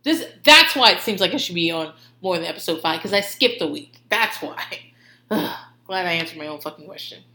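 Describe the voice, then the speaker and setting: A woman's voice: on the low side, brisk, roomy sound. A woman hosting a podcast, telling stories in casual, profane chat and laughing often. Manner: profane, laughing, animated storytelling. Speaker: podcast host.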